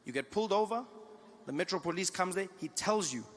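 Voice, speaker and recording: South African stand-up, high voice, animated. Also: male voice, fairly quick, in a large hall. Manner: animated storyteller. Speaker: comedian. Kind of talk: stand-up comedy.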